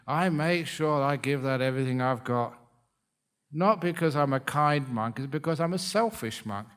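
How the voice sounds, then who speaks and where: A man's voice: a little high, a bit bright, clean tone. A man who is a monk giving a humorous dharma talk, joking and often laughing at his own stories.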